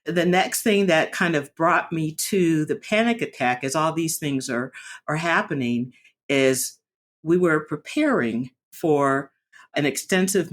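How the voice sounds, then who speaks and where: A woman speaking candidly in a personal vlog, reflective and earnest, often pausing and restarting her sentences. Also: sits low. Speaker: vlogger sharing a personal story.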